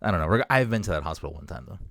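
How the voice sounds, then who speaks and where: A man's voice: low voice, animated, racing, gravelly, fairly bright tone, no echo, studio quality. A man, co-hosting a podcast in casual, emphatic, swear-heavy chat. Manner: swears freely, emphatic and opinionated. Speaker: podcast co-host.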